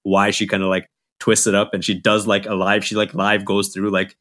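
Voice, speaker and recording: A man's voice: fairly low pitch, monotone, moderate pace, fairly bright tone. A man co-hosting a podcast, chatting loosely with lots of swearing and laughter. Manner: loose, profane, laughs a lot. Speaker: podcast co-host. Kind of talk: casual chat.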